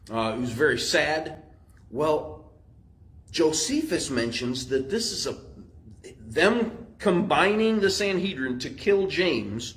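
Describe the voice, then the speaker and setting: A man's voice: fairly high pitch, poor audio. A man pastor, teaching a Bible study in a conversational, explanatory way with frequent fillers.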